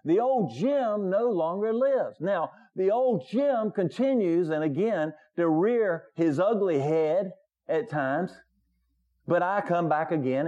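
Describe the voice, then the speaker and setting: Man preaching, voice rising on key points. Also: dull audio. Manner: conversational preaching, swells higher and louder on key points. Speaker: pastor. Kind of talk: sermon.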